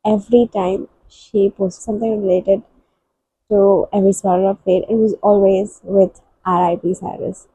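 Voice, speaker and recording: Book vlogger, female. Very mellow, breathy tone, soft-spoken and halting. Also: mid-range voice, level tone, dry recording, low-quality recording. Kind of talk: reading-vlog reactions.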